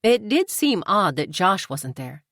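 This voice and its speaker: A woman narrating a cozy mystery audiobook in a measured, even storytelling manner. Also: mid-range voice, dry recording, clean studio sound.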